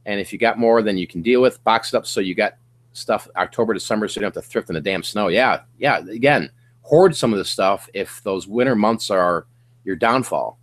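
A middle-aged man hosting a casual livestream from his home office, coaching resellers in an energetic, slangy pep-talk manner. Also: on the low side, fairly quick.

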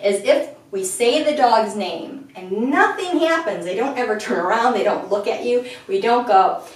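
A woman dog trainer talks through her method with a lively, swooping delivery. She is recorded indoors in a strongly echoing room, some way off from the mic. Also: normal speed. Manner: clear explaining tone, switching to high sing-song calls of praise. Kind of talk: instructional training video. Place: indoors at home. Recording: very echoey room, far from the mic.

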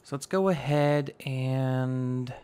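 A man in his twenties with a slightly raspy voice, casually narrating a building game and rambling as he goes. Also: mid-range voice, slow pace, warm tone. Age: 20s. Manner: rambling, self-teasing, narrates each step aloud. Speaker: gaming YouTuber. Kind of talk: casual Minecraft let's play commentary.

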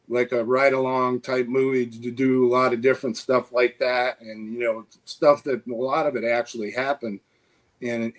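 This man, a guest in his sixties who used to wrestle, spins loose, meandering anecdotes packed with filler words. He speaks at a medium pitch on a low-quality recording.

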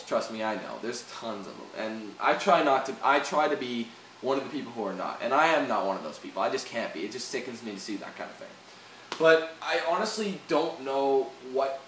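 A young Canadian vlogger unleashes a heated, swearing rant for his video channel, restarting himself again and again. His voice is medium-pitched and fairly bright, captured far from the mic in an echoey room with faint hiss.

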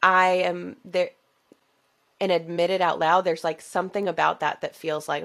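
A woman hosts a coaching podcast in a low, deep voice with a gravelly edge. She reflects out loud in an animated way and laughs often as she talks. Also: moderate pace. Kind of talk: casual interview chat.

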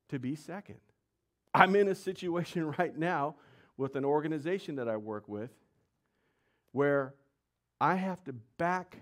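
A man preaching a sermon, telling the story in slangy, animated speech and asking his audience questions. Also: fairly high pitch.

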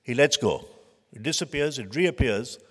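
A man's voice: medium pitch, animated, normal speed, a bit bright, breathy edge. A man giving a leadership lecture to a conference audience, telling stories emphatically and stacking short phrases into lists. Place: conference hall. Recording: long reverb of a lecture hall.

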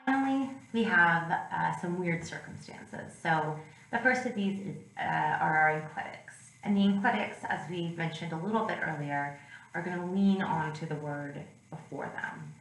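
A woman's voice: lowish voice, moderate pace, a bit bright. Woman lecturing in an echoey room. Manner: explanatory, with frequent ums and uhs. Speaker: classics instructor. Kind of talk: recorded lecture. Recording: echoey room with faint noise.

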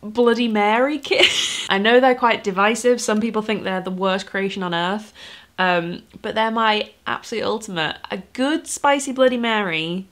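A woman's voice: medium pitch, moderate pace, a bit bright. A woman, chatting casually through a birthday gift haul in a chatty, enthusiastic way with little laughs. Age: 30s. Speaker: vlogger.

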